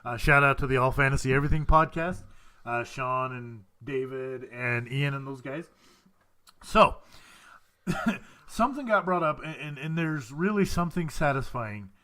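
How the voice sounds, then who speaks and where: A man's voice: medium pitch, expressive, normal speed, bright, forceful tone. A man hosting a casual podcast chat, rambling and stumbling over his words, laughing often. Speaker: podcast host.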